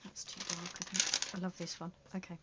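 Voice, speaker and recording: A woman's voice: on the low side, completely flat delivery, brisk, heavy background noise. A woman chatting casually to herself while making a junk journal, muttering and often slipping into a whisper as she works. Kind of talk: casual crafting vlog. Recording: dull lo-fi sound.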